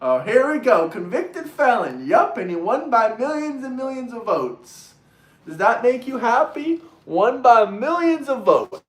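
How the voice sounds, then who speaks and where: Man, livestream host, sarcastic crude political rant, lively swinging pitch, echoey room. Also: a little slow. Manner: mimics opponents in shrill voices. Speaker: livestream host reading super chats.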